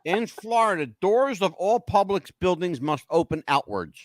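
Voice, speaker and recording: Male podcast co-host, a touch high, lively and emphatic, jokey, dry close sound. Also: moderate pace, no room sound. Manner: emphatic, joking, keeps swearing he is not making it up. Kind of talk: casual chat.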